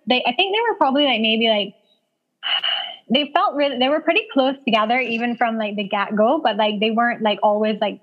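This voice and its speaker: A woman in her thirties with a fairly high voice tells her story in a chatty, rambling way, full of "like" fillers and frequent laughter. The recording sounds dull and lo-fi. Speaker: guest sharing her birth story. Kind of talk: casual storytelling.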